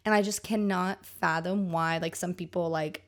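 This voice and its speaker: A woman's voice: lowish voice, fairly even intonation, normal speed. A woman co-hosting a podcast in casual chat, rambling with lots of "like" and frequent restarts, on a podcast mic. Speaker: podcast co-host.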